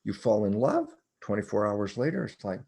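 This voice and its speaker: Older male guest on an interview podcast, gravelly and husky low voice, animated storyteller who acts out his dialogues. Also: normal speed. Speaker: guest, cell biologist. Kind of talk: conversational explanation in a podcast interview.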